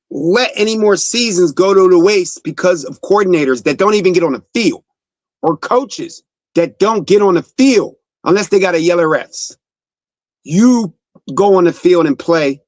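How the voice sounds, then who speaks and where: A man's voice: sits high, darkish tone, dry recording. A young man hosting a sports talk show, delivering a fired-up, profane monologue that speaks straight to the player.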